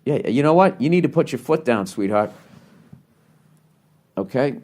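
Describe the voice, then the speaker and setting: A man's voice: medium pitch, expressive, moderate pace, a little mellow. A middle-aged man hosting a podcast, bluntly giving casual advice on a listener's letter with lots of swearing and rambling asides. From United States.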